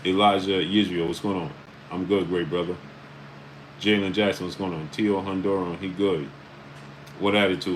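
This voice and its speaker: Speaking bluntly and forcefully in a New York accent, a Brooklyn man hosts a casual stream and rattles off viewer names with brief greetings. His low voice has a fairly bright tone, and the low-quality recording has some hiss or hum.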